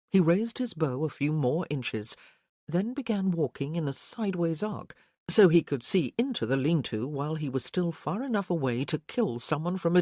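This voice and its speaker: A narrator reading a historical romance audiobook in a steady storytelling voice. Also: medium pitch, dry recording, studio quality.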